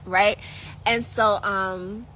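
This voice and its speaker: A woman vlogger telling a casual storytime, animated and slangy, laughing often. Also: medium pitch, very slow, a little hiss or hum, low-quality recording.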